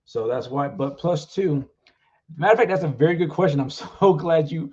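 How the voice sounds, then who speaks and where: A man's voice: fairly high pitch, moderate pace, a little mellow, highs cut off. A man, an author, chatting casually on a livestream and rambling with lots of "like" fillers. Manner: rambling, heavy use of "like".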